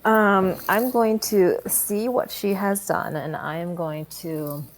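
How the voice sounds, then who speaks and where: A woman's voice: medium pitch, steady tone, slow pace. A woman playing a tabletop game, laying out her plans step by step. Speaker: player. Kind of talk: casual tabletop game play. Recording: roomy echo.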